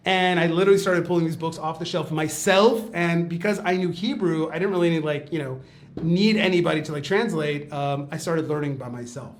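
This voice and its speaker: A man, a rabbi telling a personal story in a chatty, animated way. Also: a little high, moderate pace. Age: 40s. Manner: chatty, quotes others in acted asides, lots of "like" and "okay". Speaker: rabbi and teacher. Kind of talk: storytelling talk on a live-stream.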